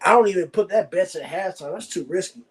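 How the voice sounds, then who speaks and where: A young man streaming live commentary on a football game, reading chat aloud and arguing excitedly about the coaching. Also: high-pitched, fast, husky.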